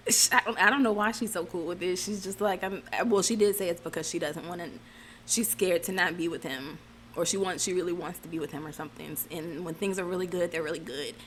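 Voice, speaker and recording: A woman's voice: fairly low pitch, steady tone, brisk, a bit bright, a little hiss or hum. A woman casually recapping a reality TV episode in a chatty way, dropping sarcastic asides.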